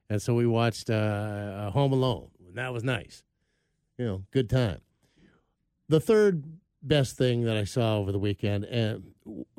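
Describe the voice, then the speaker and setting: A man's voice: mid-range voice, a little mellow, clean tone, dry recording, clean studio sound. A middle-aged man hosting a show, telling a rambling, self-mocking story in casual chat. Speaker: show host.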